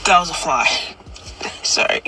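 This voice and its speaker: A person telling a personal story in casual chat, animated and acting out quotes with sudden loud, high bursts, recorded in a car. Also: slow pace, background noise.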